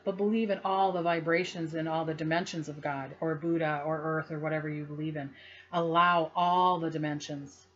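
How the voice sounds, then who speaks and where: A woman's voice: low voice, slight background noise. Rambling woman psychic, lo-fi sound. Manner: rambling, animated, acts out quoted voices, laughs often. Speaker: psychic telling a personal story. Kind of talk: casual storytelling to camera.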